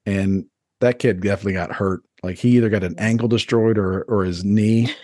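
Low-voiced man rambling crude banter. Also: brisk, dry recording, studio quality. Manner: rambling, crude, animated storytelling. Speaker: podcast co-host. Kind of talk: casual comedic chat.

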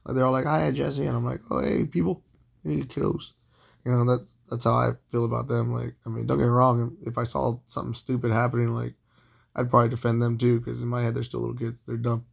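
A man's voice: mid-range voice, monotone, quick pace. A man in his late thirties telling a long personal story in a casual, profane, rambling way, full of fillers and restarts. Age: 30s. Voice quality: gravelly, husky voice.

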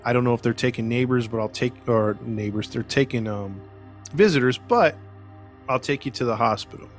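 A man's voice: mid-range voice, moderate pace, soft background music. A man hosting a podcast, retelling a case in casual chat, acting out the quoted voices with frequent laughs. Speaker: podcast host.

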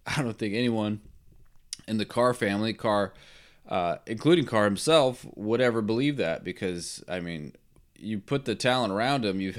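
Casual low-voiced sports podcast guy. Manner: rambling, opinionated, laughs at his own jokes. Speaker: podcast host.

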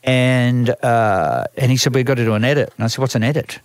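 Speaking briskly and smoothly at a medium pitch, this older Australian band manager spins long, wandering career stories in a relaxed interview. He keeps restarting and performing quotes, and the dry recording has studio quality.

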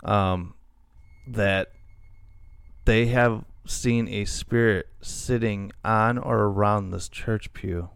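Gravelly casual man rambling. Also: fairly low pitch, steady tone, slow, dry recording. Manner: rambling, lots of fillers and restarts. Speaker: podcast co-host. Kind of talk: casual chat.

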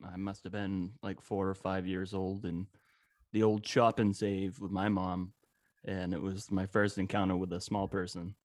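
A man co-hosting a casual podcast who tells short anecdotes in a low-key, dry way. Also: darkish tone, dry recording. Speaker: podcast co-host.

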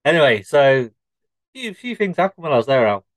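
A man co-hosting a comedy podcast, telling drawn-out joke stories in a deadpan way. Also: a little high, no room sound, low-quality recording. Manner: deadpan, drawn-out shaggy-dog storytelling. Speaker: podcast co-host.

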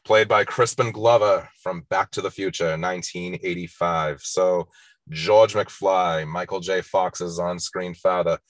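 Deep-voiced man with wry commentary. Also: steady tone, unhurried, dry recording. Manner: wry, sarcastic, laughs often. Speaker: host. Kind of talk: casual movie countdown commentary.

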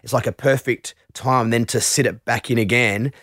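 A man who teaches meditation, explaining his practice in an interview in a relaxed way, with frequent restarts and asides. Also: medium pitch, normal speed, no room sound, clean studio sound.

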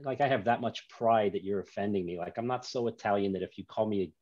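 A man's voice: lowish voice, quick pace, darkish tone, no echo. A man, a guest author and documentary maker, telling rambling stories in an easy, self-mocking way in a casual interview chat. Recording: dull lo-fi sound.

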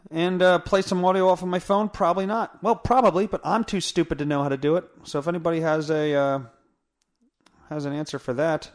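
Brisk and slightly high, with fairly even intonation, a podcast host delivers a casual rant that's blunt, profane, and self-deprecating. The home setup uses a studio mic with a pop filter going through a mixer.

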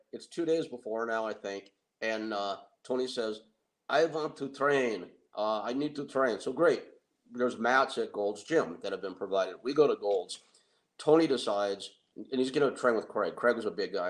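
A middle-aged man telling an anecdote in a casual, excitable way, with restarts. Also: on the low side, rough recording. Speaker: guest storyteller. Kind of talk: casual anecdote on a talk show.

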